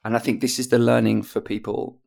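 A man in his forties, a podcast guest, candidly telling a personal story in a halting, reflective way with many restarts. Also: medium pitch, level tone, gravelly, a little mellow.

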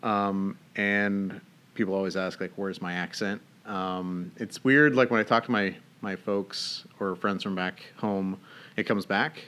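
A young man raised in Northern Ireland who speaks with an American accent, talking in a relaxed, rambling way with lots of fillers as an interview guest. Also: low-pitched, a little slow. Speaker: guest, coffee business owner. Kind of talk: casual interview.

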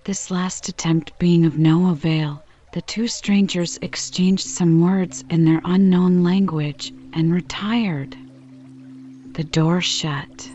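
A woman narrates a classic novel at a slow, measured pace, her low-set voice soft and mellow. The recording sounds dull and lo-fi, with faint music in the background. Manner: measured, even storytelling. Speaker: audiobook reader.

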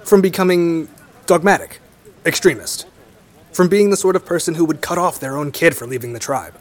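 A man's voice: a little high, normal speed. A young man speaking in reflective conversation, thoughtful and a little hesitant. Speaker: storyteller guest.

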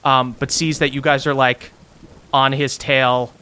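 A man narrating as game master, casual and halting with many fillers. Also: medium pitch, little pitch movement, bright, forceful tone, smooth. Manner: casual, many ums and uhs.

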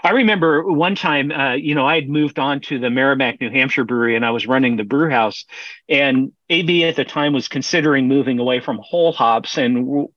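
This middle-aged man tells his stories in a loose, rambling way, breaking off mid-sentence and laughing between thoughts. His voice sits at an ordinary middle pitch. The sound is dry and close, with a slightly dull, muffled tone. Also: brisk, no room sound. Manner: rambling, self-interrupting with frequent fillers and laughs. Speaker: brewer, podcast guest. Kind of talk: casual storytelling interview.

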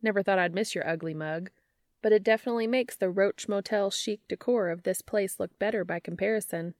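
A woman's voice: medium pitch, brisk, no echo, natural voice. A woman voicing a brash, teasing young barmaid in a read-aloud story. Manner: teasing, blunt.

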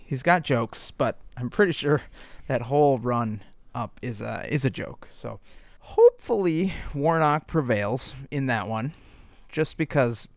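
A man co-hosting a casual comedic chat, cutting in with quick jokes and references. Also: medium pitch, animated, dry recording, studio quality. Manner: quick joking interjections. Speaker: podcast co-host.

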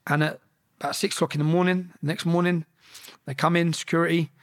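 A man's voice: sits high, steady tone, a little fast, fairly bright tone. A man bluntly recounting his experiences as an interview guest, swearing freely and restarting his sentences often. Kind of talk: casual storytelling.

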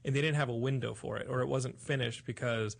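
A man hosting a podcast in casual chat, rambling and excitable. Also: mid-range voice, quick pace, gravelly. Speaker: podcast host.

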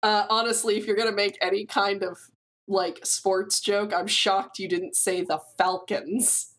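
A woman's voice: medium pitch, fairly even intonation, unhurried, fairly bright tone. A woman running a tabletop game as game master, narrating scenes in a playful way and laughing easily.

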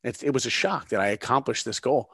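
A man's voice: mid-range voice, fast, slightly rough, dry recording, clean studio sound. A middle-aged man from New York, a guest in an interview, telling a story and acting out the voices in it. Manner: animated storyteller, acts out dialogue.

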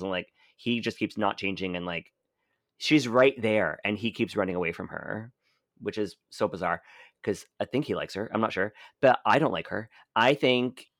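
A man co-hosting a film podcast, blunt and animated, laughing often. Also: lowish voice, moderate pace, no room sound, clean studio sound. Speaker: podcast co-host. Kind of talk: casual film review chat.

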